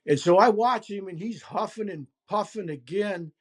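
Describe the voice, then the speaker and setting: A man telling his own story as an interview guest, animated and emphatic, with pauses and fillers. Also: high-pitched. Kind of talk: first-person storytelling.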